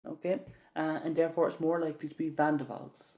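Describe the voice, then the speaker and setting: Speaking fast in a level, somewhat high and slightly mellow voice, this man teaches chemistry by going through exam questions. Frequent "okays" and repeated key words mark his delivery.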